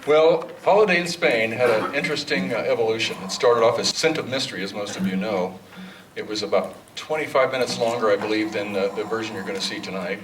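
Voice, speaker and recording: A man with a fairly low voice speaks casually to a cinema audience, pausing on "uh"s. He sounds distant, picked up from far off in a reverberant hall with steady background noise. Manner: relaxed and informal, with filler "uh"s. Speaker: director of a film restoration. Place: large cinema auditorium. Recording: echoey hall, far from the mic.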